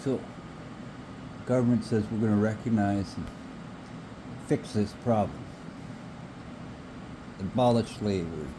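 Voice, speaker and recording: A man's voice: fairly low pitch, a little slow, pauses often, background noise. A man in a rambling, profane solo rant who repeats himself for emphasis.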